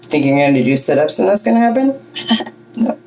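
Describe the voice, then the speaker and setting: A woman's voice: sits low, big pitch swings, fast talker, warm tone, low-quality recording. A woman giving a casual singing lesson, chatty and often checking in with "okay?" and "right?". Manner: chatty, checks in with 'okay?' and 'right?'. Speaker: amateur singing teacher.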